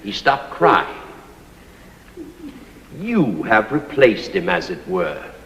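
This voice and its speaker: A man's voice: fairly low pitch, big pitch swings, slow pace, fairly bright tone, slight background noise, heavily acted. A stage actor playing a pompous, overbearing old man who rules a servant, declaiming grandly. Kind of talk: stage play performance. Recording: echoey stage hall recording.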